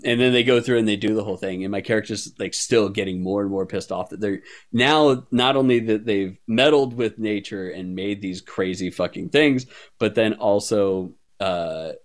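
A man hosting a podcast, telling a long story in casual chat, rambling, swearing often and laughing mid-story. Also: on the low side. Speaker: podcast host.

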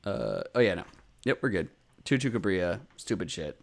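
A man's voice: low-pitched, moderate pace, vocal fry. A man co-hosting a casual podcast, recapping episodes with swearing and acted-out character lines. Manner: animated, swearing, acts out characters' lines in raised voices. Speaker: podcast co-host. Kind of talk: casual chat recapping an anime.

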